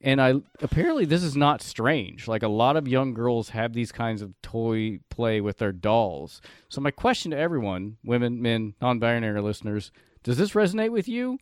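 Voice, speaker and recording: Podcast host, male, smooth clear voice, dry close mic, animated delivery. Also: medium pitch, normal speed, no room sound. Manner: animated, laughs often, reads segments. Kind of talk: casual podcast chat.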